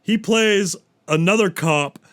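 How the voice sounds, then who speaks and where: Man, podcast host, casual rambling chat, swears a lot, slightly high voice, smooth tone. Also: takes it slowly, fairly bright tone, dry recording, studio quality. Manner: rambling, profane, acts out quotes. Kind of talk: casual solo movie talk.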